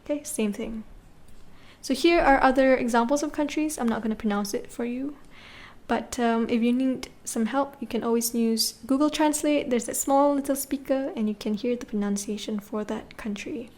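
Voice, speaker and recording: A woman with a fairly high voice gives a recorded language lesson. She talks patiently and repeats each word slowly so learners can follow. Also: a little mellow. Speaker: French teacher.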